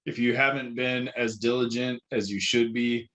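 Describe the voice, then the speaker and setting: A man's voice: mid-range voice, fairly even intonation, moderate pace, a bit bright. A man hosting a casual podcast chat in a laid-back, teasing way. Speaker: podcast host.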